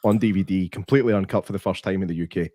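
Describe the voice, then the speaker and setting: A man co-hosting a podcast, telling an animated story in casual chat and laughing easily. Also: deep voice, rapid-fire, no echo, studio quality. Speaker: podcast co-host.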